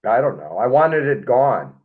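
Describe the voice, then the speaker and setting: A blunt, offhand man with a mid-pitched, lively voice. He chats casually as a guest on a live stream. His audio comes through thin and phone-like. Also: moderate pace, crowd noise. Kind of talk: casual group chat.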